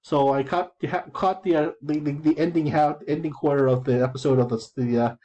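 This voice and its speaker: Casual gamer guy in his thirties, dark mellow tone, meandering storyteller who stumbles over his words. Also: fairly high pitch, steady tone, a little fast, dull audio. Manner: digressive, full of restarts and repeated words. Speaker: gamer explaining his in-game chat. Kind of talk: rambling casual commentary.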